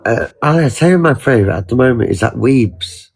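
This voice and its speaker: A co-host on a casual live stream, with a gravelly voice at a middle pitch. They chat easily, tease the host and thank followers. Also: expressive, fairly quick. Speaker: co-host on a livestream.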